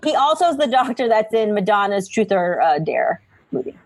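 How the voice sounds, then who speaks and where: A woman, a comedian guest and mother, telling a story in casual, animated comedic chat. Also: mid-range voice, brisk. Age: adult with young children. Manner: animated, acts out people in her stories.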